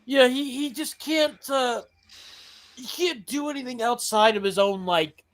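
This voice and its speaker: A man's voice: extremely high pitch, a little slow, fairly bright tone. A man on a casual panel chat, blunt and crude, often stumbling over his words.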